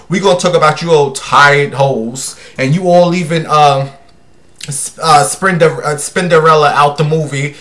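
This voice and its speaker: A man's voice: fairly high pitch, brisk, fairly bright tone. A man hosting a casual gossip livestream, sassy and brash as he talks to his viewers. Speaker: livestream host.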